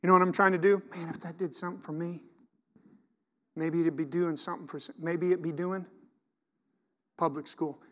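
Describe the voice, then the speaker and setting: Middle-aged man, pastor, high-pitched and animated, reads scripture and preaches with swings from loud to soft. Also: moderate pace, long pauses, in a large hall. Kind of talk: sermon.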